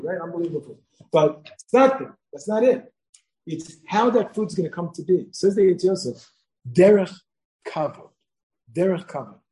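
Chatty middle-aged rabbi giving a lesson. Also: male voice, fairly high pitch, warm tone, rough recording. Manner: conversational, asks "right?" often, tells personal stories; mixes in Hebrew and Yiddish terms. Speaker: rabbi teaching a class. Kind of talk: Torah lecture to students.

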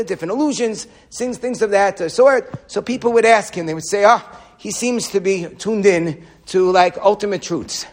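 A man giving a sermon as a rabbi, animated and repeating phrases for emphasis. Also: high voice.

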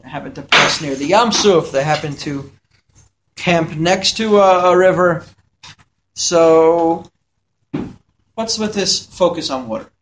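High-voiced man teaching a Torah lesson. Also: slow, pauses often, noisy background. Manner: reads Hebrew verses and translates them, explanatory; asks questions and then answers them. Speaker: yeshiva teacher.

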